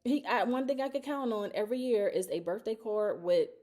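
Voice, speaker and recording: A woman's voice: a little high, expressive, fairly quick, dark tone. Emotional, confessional woman in her thirties. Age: 30s. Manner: emotional, confessional, rambling with many fillers. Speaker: vlogger. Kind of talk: candid personal storytelling vlog.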